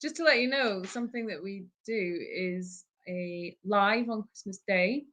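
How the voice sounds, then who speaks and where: A woman's voice: mid-range voice, unhurried, fairly bright tone. A woman co-hosting a live stream from an animal sanctuary, reading out viewer questions and answering plainly. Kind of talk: casual live-stream chat.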